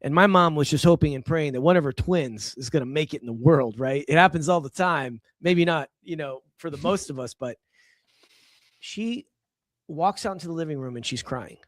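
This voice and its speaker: A man's voice: on the high side, normal speed, no room sound, clean studio sound. A middle-aged man from Los Angeles, a podcast guest, telling a personal story with emphatic energy and frequent restarts. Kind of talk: casual storytelling.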